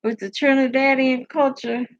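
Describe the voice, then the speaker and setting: A woman's voice: high voice, flat delivery, moderate pace, lo-fi sound. A sleepy woman hosting a casual live stream, rambling, laughing and answering comments from her chat.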